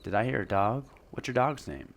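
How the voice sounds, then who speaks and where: A man's voice: mid-range voice, animated, normal speed, a little hiss or hum, pitched above the performer's own voice, natural voice. A man voicing a folksy, chatty older male gas station owner with a put-on drawling country voice.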